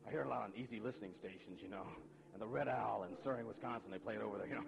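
A man's voice: fairly low pitch, fast, vocal fry, over music, low-quality recording. A man giving an emphatic lecture to a live audience, firing off rhetorical questions in a conversational way. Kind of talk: animated lecture.

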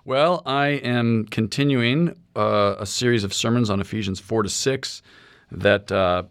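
A man's voice: lowish voice, measured pace, no room sound, clean studio sound. A middle-aged man from St. Louis, a seminary professor, thinking aloud with fillers while discussing sermon plans on a podcast. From St. Louis, USA.

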